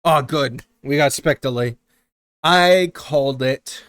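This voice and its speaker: A man casting a strategy game tournament live on stream, chatty and joking with quick asides. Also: mid-range voice, a bit bright, dry recording.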